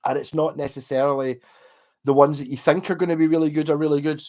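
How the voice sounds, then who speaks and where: A man's voice: a little high, flat delivery, quick pace, darkish tone. A man with a Scottish accent, tipsy from drinking, rambling and swearing heavily as he chats casually on a live stream.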